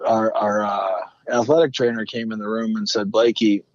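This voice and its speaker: A man's voice: lowish voice, steady tone, moderate pace, no room sound. A man telling stories on a podcast, looping back and restarting mid-sentence with a casual, salty edge. His voice comes through slightly muffled and lo-fi. The sound is dry, with no room around it. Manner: rambling with frequent restarts and swearing. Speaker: guest, former hockey player. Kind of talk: casual storytelling interview. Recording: muffled lo-fi remote audio.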